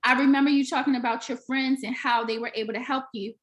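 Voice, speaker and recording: A high-pitched young woman talks casually in an interview, telling her own stories with energy. She acts out the voices of friends with big jumps in pitch, and her delivery stays lively and chatty. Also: fast talker, lo-fi sound. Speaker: interviewer, daycare owner turned author.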